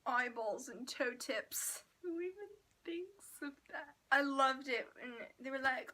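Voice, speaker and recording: Young woman, high voice, casual book chat, gushing, excitable, whispered asides. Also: a little slow, hardly any pauses. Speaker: book vlogger.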